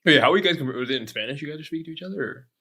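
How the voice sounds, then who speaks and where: A young man co-hosting a podcast, firing quick questions in casual chat and laughing easily. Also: on the high side, animated, sharp tone, slightly rough. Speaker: podcast co-host.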